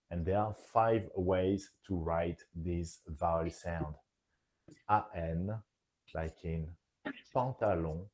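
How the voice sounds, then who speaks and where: A man with a French accent teaches French nasal vowels in a scripted pronunciation lesson, demonstrating each sound with care. His voice sits low and a little mellow, and he takes it slowly.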